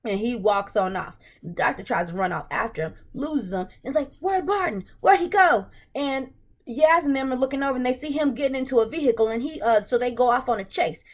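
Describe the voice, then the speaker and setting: Excited woman recapping a TV episode. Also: fairly high pitch, fast. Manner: excited, animated retelling with acted-out reactions. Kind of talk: casual recap vlog.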